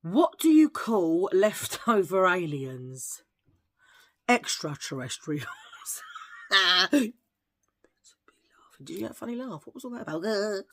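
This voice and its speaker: With a lowish, slightly rough voice, this beauty vlogger talks to the camera in a chatty, jokey way. She wanders off into rambling asides and cracks cheesy jokes.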